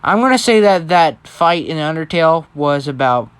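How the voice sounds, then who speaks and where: A man's voice: a little high, animated, normal speed, smooth, dry recording. Rambling man making up a story. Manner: rambling, constantly checking in with "right?"; changes details mid-thought. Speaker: fan storyteller. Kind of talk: improvised casual storytelling.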